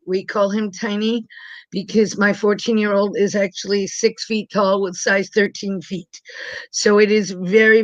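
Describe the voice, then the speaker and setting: A woman's voice: mid-range voice, no room sound, muffled recording. Cheerful New woman on a call. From Brooklyn, New York. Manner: cheerful, jokey. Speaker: guest. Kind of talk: casual chat on a video call. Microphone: video call.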